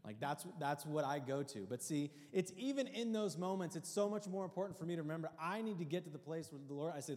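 A man preaching a sermon, earnest and openly emotional, dropping to a hush and then rising loud and high. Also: expressive, fast talker, few pauses, big-room sound. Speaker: pastor.

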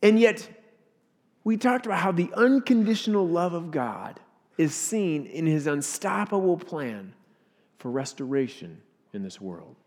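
Preaching at a measured pace, this pastor has a high voice and brings his sermon's stories to life with animated delivery, performing the characters' voices. The sound echoes around a large church hall.

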